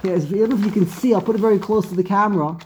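A man hosting a casual chat over a video call, telling animated stories and laughing often. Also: sits high, racing, slight background noise. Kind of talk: casual conversation.

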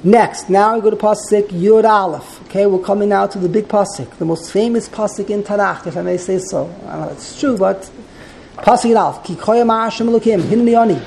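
A woman's voice: medium pitch, brisk, vocal fry, darkish tone, slight background noise, low-quality recording. A woman teaching a text study class, explaining and translating line by line and often wandering into side points.

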